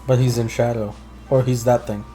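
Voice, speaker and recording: A man's voice: medium pitch, flat delivery, moderate pace, mellow, faint music behind. A man joking along as a friend plays a video game, full of sarcastic, wry asides. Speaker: let's play co-host. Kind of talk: casual gameplay commentary.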